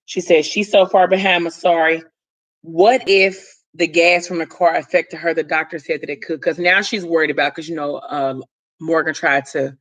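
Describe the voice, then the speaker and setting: A vlogger speaking straight to viewers, retelling a story in a loose, chatty way. The talk wanders, with fillers and side comments along the way. The voice sits at an ordinary middle pitch. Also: a bit bright. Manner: rambling, loose retelling with many fillers and asides. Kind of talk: casual story recap to viewers.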